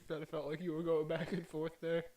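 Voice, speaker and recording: A man co-hosting a casual podcast, chuckling and dropping quiet, dry asides. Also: a little high, completely flat delivery, brisk. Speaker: podcast co-host. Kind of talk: casual chat.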